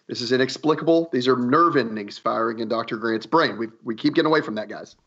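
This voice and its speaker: A man's voice: mid-range voice, fast, a bit bright, husky, lo-fi sound. A man co-hosting a casual comedic movie podcast, defending the film in a dry, mock-serious way. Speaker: podcast co-host.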